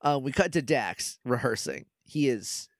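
Lively, laughing podcast co-host man. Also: medium pitch, a little slow. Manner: animated, laughs often, acts out scene dialogue. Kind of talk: casual chat recapping a show.

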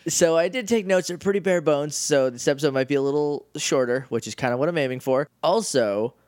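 A man's voice: a little high, fairly quick, darkish tone, no room sound. A man from New Hampshire co-hosting a podcast, chatting casually and joking around with lots of laughter. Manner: joking, laughs often, quotes scenes in put-on voices. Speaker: podcast co-host. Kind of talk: casual chat.

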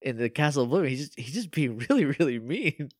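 A man's voice: mid-range voice, very animated, fast talker, a little mellow, dry recording, studio quality. A man co-hosting a podcast in casual chat, reacting with wry jokes. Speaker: podcast co-host.

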